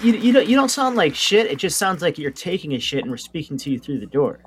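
A man's voice: fairly high pitch, big pitch swings, fast, breathy edge. A man co-hosting a casual show, cracking teasing jokes. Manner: joking, teasing banter. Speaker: co-host. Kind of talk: casual chat.

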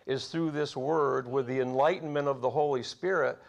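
Gravelly folksy male preacher. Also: mid-range voice, steady tone, normal speed. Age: 40s or older. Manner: folksy storytelling, laughs at own stories. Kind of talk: sermon with personal stories.

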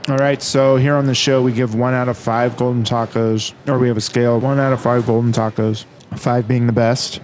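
A man's voice: mid-range voice, flat delivery, brisk, a little mellow, slight background noise. A man co-hosting a food show who rates tacos in casual, upbeat, jokey chat.

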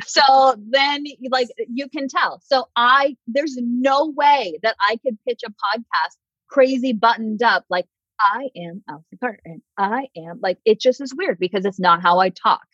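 A woman's voice: on the high side, a little slow, no room sound, dull audio. A woman talking as a podcast guest and PR coach, casual and sarcastic, acting out quotes in other voices. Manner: animated, sarcastic, acts out quotes.

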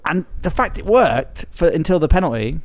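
A man's voice: fairly high pitch, very animated, moderate pace, no room sound. A man hosting a casual podcast chat, rambling and self-deprecating. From England. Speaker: podcast host.

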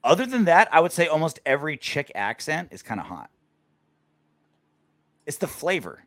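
A man's voice: a little high, wildly swooping pitch, moderate pace, fairly bright tone, no echo. A man hosting a casual sports show after a game, rambling and joking crudely. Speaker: podcast host.

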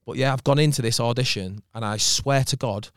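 Chatty male actor, quick storyteller, dry mic. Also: mid-range voice, clear, resonant tone, no echo. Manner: chatty storyteller, swears casually. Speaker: actor guest. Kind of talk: casual podcast chat.

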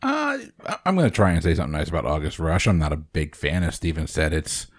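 A man with a very deep voice chats on a podcast panel, stumbling and restarting as he reaches for his point. The sound is dry and close to the mic. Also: very animated, fast, no echo. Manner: hesitant, stammering restarts. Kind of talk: casual panel chat.

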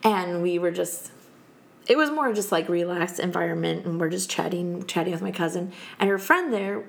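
Fairly low-pitched and creaky, a woman in her thirties speaks at normal speed as a podcast guest telling a story. She's animated and casual, often laughing as she acts out what people said.

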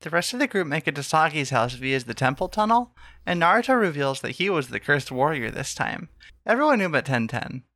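A man's voice: fairly high pitch, big pitch swings, fairly quick, sharp tone. A man co-hosting a podcast, recapping episodes and chiming in with sarcastic asides in casual chat. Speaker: podcast co-host.

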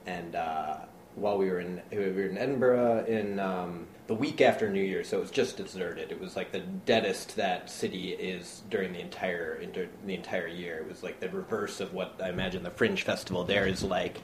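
A man, a playwright and actor, telling a long anecdote in casual chat, full of fillers, and lively when he acts out what people said. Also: sits low, normal speed, few pauses. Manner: animated anecdote-teller, many fillers, acts out quotes. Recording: roomy with faint background noise.

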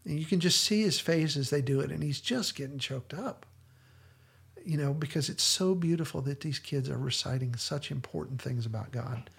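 Gravelly husky podcast host man. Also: fairly high pitch, normal speed. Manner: earnest, enthusiastic retelling. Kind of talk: casual podcast discussion.

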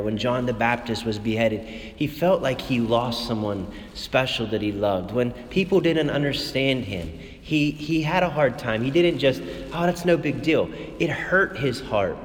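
A man preaching a sermon in a church, passionate, his voice dropping to a hush and then rising again. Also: mid-range voice, long reverb tail. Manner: impassioned, swings between hushed and raised. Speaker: priest.

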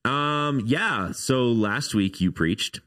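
A man's voice: mid-range voice, slow pace. A man, a pastor co-hosting a podcast, talking casually and jokingly as he steers the conversation. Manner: relaxed, joking, leads the conversation. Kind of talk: casual chat.

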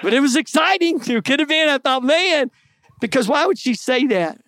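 A man's voice: very high-pitched, lively intonation, moderate pace, fairly bright tone. A middle-aged man preaching a sermon in an earnest, conversational way, with folksy asides to the congregation. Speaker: pastor.

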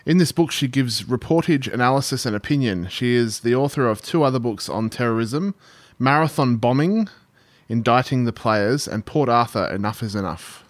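A man's voice: mid-range voice, moderate pace, dry recording. A man with an Australian accent co-hosting a podcast in easygoing, matey banter. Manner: laid-back, matey banter. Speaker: podcast co-host. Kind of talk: casual chat.

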